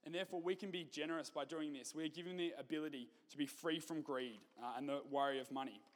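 Animated preacher in a church hall. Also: male voice, a little high, fast. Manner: lively, animated, jokey asides. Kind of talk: sermon with storytelling.

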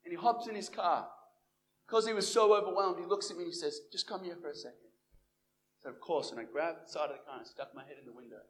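A fast-talking young man with a slightly high voice relates his personal faith testimony over a faint hiss or hum. As a Christian evangelist, he's animated and acts out the dialogue he quotes.

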